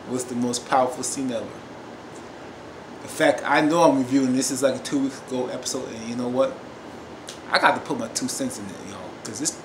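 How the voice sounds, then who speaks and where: A man talks through a TV episode in a casual review, emphatic and repetitive, calling out to his viewers again and again. His voice sits in a mid range. The room is echoey, with a steady wash of noise under him. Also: medium pitch, normal speed. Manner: emphatic, repetitive, often says "y'all". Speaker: TV show reviewer.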